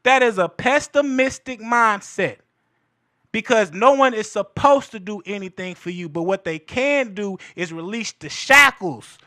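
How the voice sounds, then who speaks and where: A man's voice: high-pitched, lively intonation, unhurried, pushed and bright, dry recording, clean studio sound. A man in his thirties giving heated political commentary in a fervent, preachy manner, repeating phrases for emphasis. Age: 30s.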